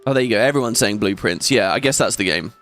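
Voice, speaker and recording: Hosting a let's play, a man thinks aloud, rambles, and laughs often while he plays, in casual gameplay commentary. His voice is on the low side, fairly bright, animated, and fast, over soft background music.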